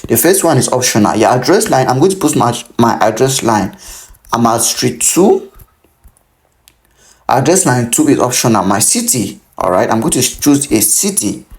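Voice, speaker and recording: A man's voice: mid-range voice, darkish tone. Man from Cameroon walking through a form. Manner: instructive, repeats warnings to pay attention. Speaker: tutorial host. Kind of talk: screen-recorded how-to walkthrough.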